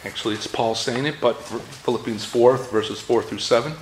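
A man's voice: medium pitch, moderate pace, a little hiss or hum. Earnest preacher man, roomy echo. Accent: Massachusetts. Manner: earnest, rises in force when reading scripture aloud. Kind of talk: sermon.

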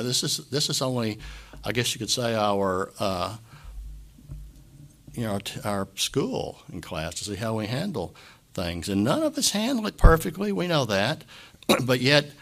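A man pastor giving an impromptu sermon, earnest and emotional, halting often to clear his throat. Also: medium pitch, fairly bright tone.

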